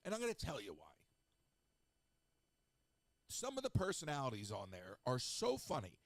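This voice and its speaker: A middle-aged man hosting a radio show, chatting in a snarky, rambling way with lively asides. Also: medium pitch, moderate pace, gravelly, long pauses, no echo. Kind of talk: casual solo radio talk.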